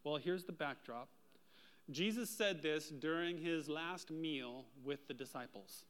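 A man delivering a sermon from the pulpit. His voice sits somewhat high for a man, and he slips into animated storytelling as he shares personal anecdotes. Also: unhurried, smooth. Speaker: pastor.

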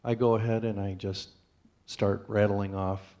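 A man telling his personal testimony to a church congregation, in a plainspoken storytelling way with pauses and restarts. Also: fairly low pitch, little pitch movement, dark tone, dull audio.

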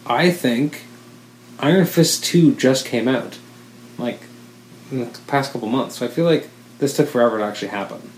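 A man's voice: medium pitch, moderate pace, pauses often, a little hiss or hum. Rambling man chatting in a roomy room. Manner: rambling, self-correcting, enthusiastic. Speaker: podcast co-host. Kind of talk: casual chat. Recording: roomy echo with faint ambience.

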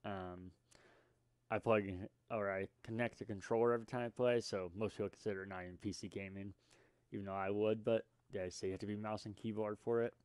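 A man's voice: lowish voice, fairly even intonation, brisk, darkish tone, smooth, dry recording. A young man hosting a casual solo podcast, rambling and self-deprecating with lots of fillers and restarts. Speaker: podcast host.

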